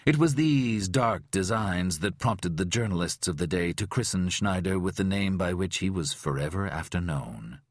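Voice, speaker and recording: A man narrating a thriller audiobook in a measured, expressive read. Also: deep voice, dry recording, studio quality. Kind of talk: scripted narration.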